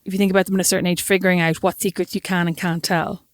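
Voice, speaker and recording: A woman's voice: fairly low pitch, level tone, racing, no echo, clean studio sound. A woman co-hosting a podcast in casual chat, laughing often and acting out what people said. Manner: chatty, laughs often, acts out quotes. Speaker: podcast co-host.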